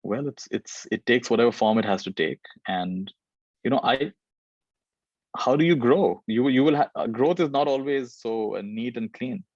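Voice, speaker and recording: A man's voice: mid-range voice, moderate pace, darkish tone, dry recording, highs cut off. A man giving a spiritual talk and answering questions, reflective and repeating phrases for emphasis. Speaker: spiritual teacher.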